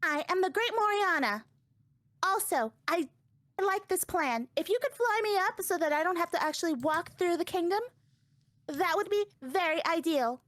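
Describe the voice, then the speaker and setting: A woman's voice: very high voice, animated, normal speed, fairly bright tone, no room sound, pitched above the performer's own voice. A woman voicing a haughty, sassy little purple girl set on revenge.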